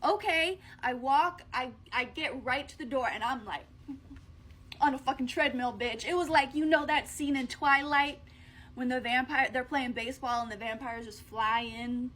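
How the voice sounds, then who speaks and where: Woman vlogger with a high voice, blunt and profane casual storytelling. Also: fairly even intonation, moderate pace, fairly bright tone, a little hiss or hum.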